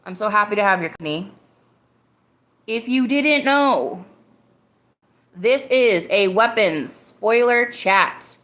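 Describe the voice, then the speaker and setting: A woman's voice: mid-range voice, animated, slow, pauses often, fairly bright tone, reverberant. A woman hosting her own live-stream podcast, talking casually and greeting viewers in the chat. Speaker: livestream podcast host.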